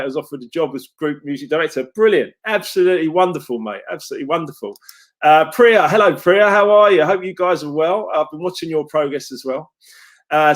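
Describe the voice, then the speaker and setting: A middle-aged man, a success coach, telling stories in a chatty, upbeat way to his followers. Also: fairly high pitch. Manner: chatty and upbeat, storytelling with quotes. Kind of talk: casual live talk to followers.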